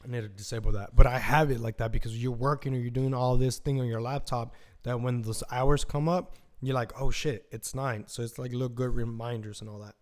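Here a podcast host talks fairly quickly in a steady, medium-pitched tone. His monologue is loose and rambling, packed with fillers and free-flowing curse words.

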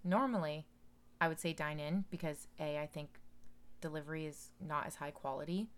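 A young woman chatting casually with her sister on a podcast, animated and self-deprecating, laughing a lot. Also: deep voice, moderate pace, clear, resonant tone. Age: young adult. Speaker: podcast guest, host's sister. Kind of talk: casual chat.

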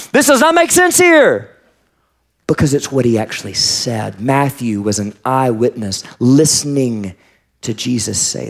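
Male pastor, high-pitched, chatty sermon delivery that acts out the verses he quotes. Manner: conversational preaching, voices the scripture he quotes.

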